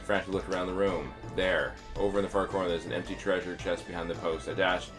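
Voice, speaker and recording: A man's voice: deep voice, steady tone, fast talker, over music. A man streaming a text adventure, reading it aloud with stumbles and offhand asides.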